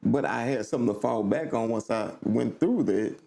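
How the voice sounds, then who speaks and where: A man from Baton Rouge, a podcast guest telling stories with animated southern slang in casual conversation. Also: medium pitch, moderate pace, vocal fry. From Baton Rouge, Louisiana.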